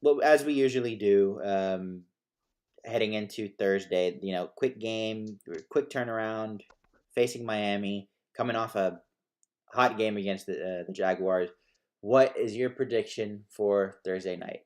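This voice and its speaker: A man co-hosting a casual sports talk show, animated and given to stammered restarts. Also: fairly low pitch, unhurried. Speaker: sports podcast co-host.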